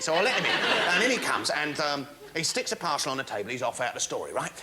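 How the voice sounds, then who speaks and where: Animated comedian, high lively voice. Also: male voice, fast talker, heavy background noise. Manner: animated, breathless storytelling with laughter. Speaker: stand-up comedian. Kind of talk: stand-up comedy routine. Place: studio stage before a laughing audience.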